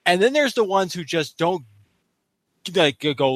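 A man's voice: high-pitched, sing-song, unhurried, dry recording. A man chatting casually about a movie, rambling and laughing often as he acts out bits of scenes. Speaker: podcast panelist. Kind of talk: casual movie review chat.

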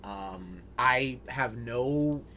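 A man's voice: medium pitch, expressive, extremely slow, pushed and bright, slight background noise. A man co-hosting a podcast in casual chat, rambling and joking with many fillers. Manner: rambling, jokey, lots of fillers. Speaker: podcast co-host.

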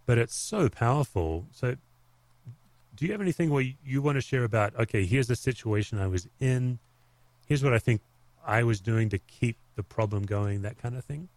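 A man's voice: medium pitch, lively intonation, moderate pace, darkish tone, no echo. A pastor talking on a podcast, telling candid, reflective stories from his own ministry in a conversational way.

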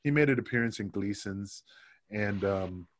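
A man telling stories as a guest on a podcast interview in a casual, animated way, acting out other people's lines in quoted voices. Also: fairly low pitch, moderate pace.

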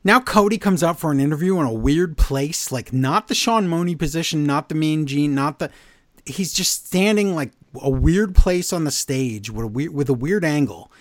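A man's voice: on the high side, animated, moderate pace, dry recording, studio quality. A man co-hosting a podcast, recapping wrestling in casual chat with sarcastic, exasperated asides. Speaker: podcast co-host.

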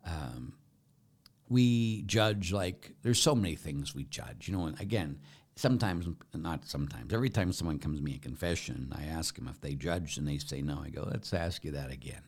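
Man, priest, low voice, earnest, candid, conversational preaching, hushed emphasis. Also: expressive, normal speed. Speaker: Catholic priest and pastor.

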